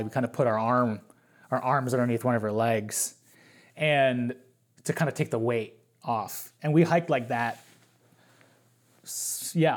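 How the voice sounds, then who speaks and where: A man's voice: medium pitch, a little mellow. A man talking as a podcast guest, telling a long story in a casual, rambling way, full of fillers and restarts.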